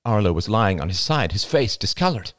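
A man narrating an audiobook with a low, deep voice. His reading is expressive and dramatic, with his pitch rising and falling widely. The sound is close and dry, with no room around it. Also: fairly quick, dry recording. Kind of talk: scripted narration.

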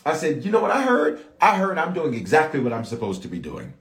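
Animated preaching man, echoey church. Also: a little high, quick pace. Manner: animated, calls out to the congregation for response. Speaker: bishop preaching to a congregation. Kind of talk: sermon.

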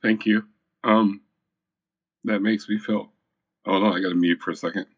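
Low, monotone host, hesitant and soft-spoken, dry sound. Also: male voice, breathy edge, no room sound, highs cut off. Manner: soft-spoken and halting, many pauses. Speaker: host of an online community room. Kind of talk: casual chat.

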